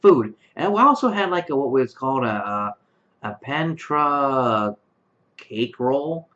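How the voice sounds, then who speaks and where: A man's voice: medium pitch, sing-song, slow pace, fairly bright tone. A man in his late twenties, tired late at night, talking to camera in his bedroom with lots of fillers and restarts. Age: late 20s. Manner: rambling, many fillers and restarts. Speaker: vlogger. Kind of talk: casual talk to camera. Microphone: webcam microphone. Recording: dull lo-fi webcam sound.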